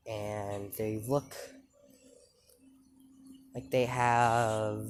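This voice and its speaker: A man casually retelling his own fan story, rambling and halting with many fillers and restarts. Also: fairly low pitch, a little hiss or hum.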